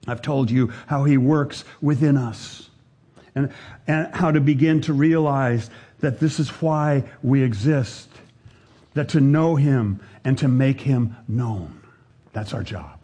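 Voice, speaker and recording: Slow, husky older male preacher. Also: mid-range voice. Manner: slow, deliberate, repeating phrases and dropping to a hushed voice for emphasis. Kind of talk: sermon.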